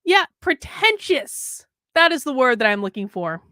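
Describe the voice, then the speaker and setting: A woman's voice: high voice, very animated, unhurried, sharp tone, no room sound, studio quality. A woman hosting a news commentary show, reading an article aloud and mocking it sarcastically.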